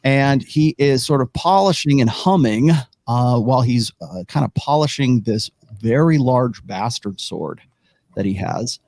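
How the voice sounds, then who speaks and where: A man running a tabletop role-playing game as game master. He sets scenes in slow descriptive narration, at an average pitch. The sound is dry and close. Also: expressive, darkish tone, dry recording.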